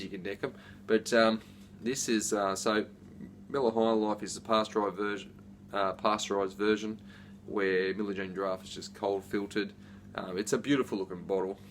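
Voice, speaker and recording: A man's voice: on the low side, a bit bright, slight background noise. A middle-aged man rambles casually through a beer unboxing, full of fillers and asides. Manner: rambling, chatty, with many fillers. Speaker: beer reviewer.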